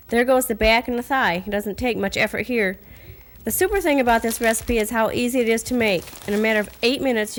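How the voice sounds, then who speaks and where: A woman hosting a cooking segment in a TV studio kitchen, giving steady, friendly step-by-step recipe narration. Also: a little high.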